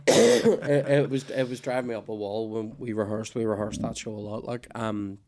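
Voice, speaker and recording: A man's voice: on the low side, lively intonation, normal speed, darkish tone. A man hosting a podcast in casual chat, a rambling storyteller who swears freely and keeps losing his thread, with a nagging cough. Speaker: podcast host.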